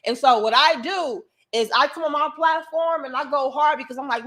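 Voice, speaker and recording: A woman's voice: sits high, moderate pace, few pauses, fairly bright tone. A woman hosting a livestream, delivering an emphatic, profane, preachy rant to her viewers. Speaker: livestream host.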